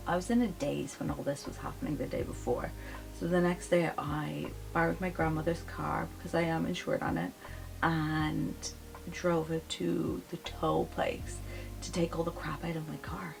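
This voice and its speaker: A young woman vlogger telling a personal story in a chatty, animated way, full of fillers and self-corrections. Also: on the low side, creaky, rough recording. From grew up in the countryside on a farm. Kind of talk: casual storytelling chat.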